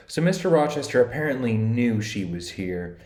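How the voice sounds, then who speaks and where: A man's voice: mid-range voice, very animated, normal speed, darkish tone. Man explaining a classic novel conversationally, slangy paraphrase, roomy echo on the voice. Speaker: literature explainer. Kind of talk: casual chapter summary with read-aloud quotes. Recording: echoey room.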